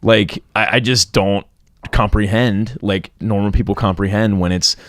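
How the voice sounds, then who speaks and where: A man's voice: lowish voice, fairly even intonation, normal speed, dry recording, clean studio sound. A man co-hosting a podcast in casual chat, laid-back and playful, often laughing along. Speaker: podcast co-host.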